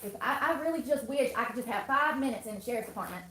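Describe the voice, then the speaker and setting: A woman in her thirties delivers a heated monologue to camera, talking quickly in a slightly high voice. She swears freely and circles back over the same points. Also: animated, noisy background. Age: 30s. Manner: heated, profane, repetitive ranting. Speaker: online personality.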